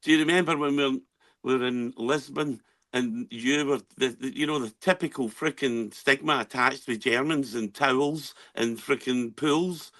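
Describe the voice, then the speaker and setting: A man's voice: medium pitch, moderate pace, fairly bright tone, dry recording. A Scottish man in his sixties, a former band member who keeps prompting others with old tour memories, swearing casually. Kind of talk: casual reminiscing chat.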